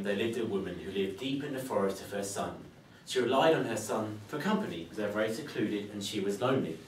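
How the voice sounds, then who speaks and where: A man giving a storytelling speech at a club meeting, narrating a folk tale in an animated, playful way, recorded from a distance in an echoey meeting room. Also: lowish voice, quick pace, slight background noise. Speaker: club speaker. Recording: echoey room, mic far off.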